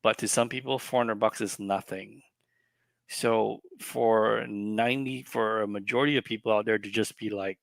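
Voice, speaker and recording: A man's voice: lowish voice, fairly even intonation, normal speed, creaky, a bit bright, no room sound. A man co-hosting a collectibles stream, ranting profanely and with exasperation in casual chat.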